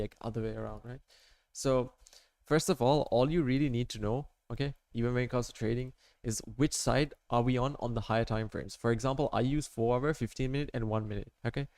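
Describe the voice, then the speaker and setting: A man's voice: mid-range voice, a little mellow, no room sound. A man talking viewers through his trading charts in a loose, casual screen-share tutorial, rambling and peppering his talk with "like", "okay?" and "right?". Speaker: amateur trader showing his charts.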